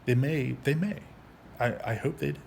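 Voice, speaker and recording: A man in his thirties telling his own story in a casual monologue, angry and profane, halting with frequent restarts. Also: medium pitch, vocal fry, a little mellow. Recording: faint background noise.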